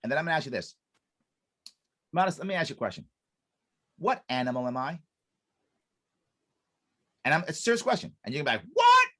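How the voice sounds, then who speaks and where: A man with a somewhat high voice that swings widely as he talks. He is a podcast guest explaining a method with emphasis, circling back to repeat his main points. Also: brisk, long pauses. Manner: animated, acts out quoted dialogue. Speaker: podcast guest, business consultant.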